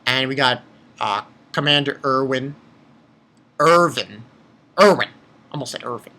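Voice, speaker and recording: Excitable swearing man, bright voice. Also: medium pitch, moderate pace. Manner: excitable, swears freely, reads scenes aloud. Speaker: manga reviewer. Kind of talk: casual spoken review.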